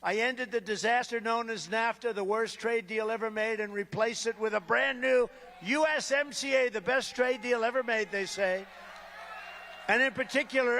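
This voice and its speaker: A man's voice: high voice, sharp tone. A man giving a campaign rally speech off-script, rambling and boastful, with sarcastic asides and repeated phrases. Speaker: political speaker at a rally. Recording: long reverb of a large venue.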